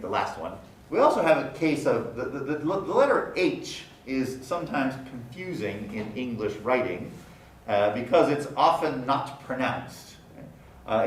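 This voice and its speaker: A man giving a university lecture, explaining step by step and slowly repeating example words. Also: mid-range voice, far from the mic. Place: lecture room. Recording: roomy sound from off the mic, faint noise.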